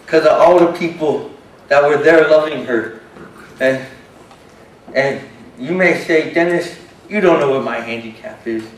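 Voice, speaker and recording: An actor playing a shy, self-doubting young man with a disability, telling his story haltingly and earnestly in a stage monologue. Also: on the high side, natural voice. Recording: roomy hall from a distance.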